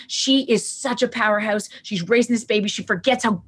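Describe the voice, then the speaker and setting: A woman's voice: a little high, brisk, a little hiss or hum. A woman guest on a parenting podcast, speaking passionately and emphatically, often repeating her key points. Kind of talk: conversational podcast talk.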